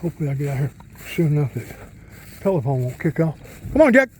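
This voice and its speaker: Middle-aged man, rambling country storyteller, voice a bit high, vlogging outside. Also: quick pace, warm tone, a little hiss or hum. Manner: rambling folksy storytelling, talks to his dog. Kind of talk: casual outdoor vlog. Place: outdoors in the countryside by a pond.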